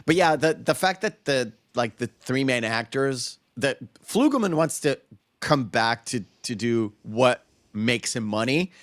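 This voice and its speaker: Male podcast host, lively pitch, quotes scenes with relish, dry close mic. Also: unhurried, dry recording. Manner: animated, quotes film lines in put-on voices. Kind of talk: casual movie discussion.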